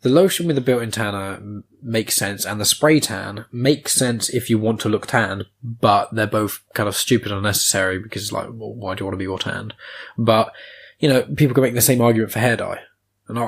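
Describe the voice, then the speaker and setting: Young man, low-ish voice, blunt opinions, casual podcast chat. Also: fast talker, breathy edge. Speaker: podcast host.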